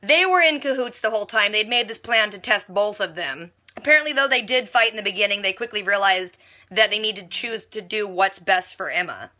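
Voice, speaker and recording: A woman's voice: medium pitch, animated, brisk, bright, forceful tone. A woman recapping a TV episode in a casual, snarky vlog, chatting along with lots of "like" and "freaking". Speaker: TV reaction vlogger.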